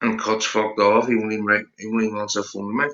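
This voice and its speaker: A man's voice: lowish voice, level tone, fast, crowd noise. Agitated rambling man on dull lo-fi audio. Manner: agitated, rambling, stumbling over words. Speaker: livestream panel guest. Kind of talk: agitated livestream call-in. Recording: dull lo-fi stream mic.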